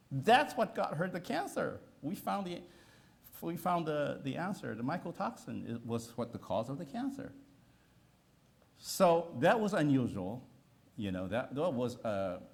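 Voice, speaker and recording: Male doctor, middle-aged, animated lecturer whose pitch leaps around; stammers, repeats and checks in with listeners. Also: gravelly. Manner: repetitive restarts, emphatic, asks listeners "okay?". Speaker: physician giving a talk. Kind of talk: animated lecture with patient story.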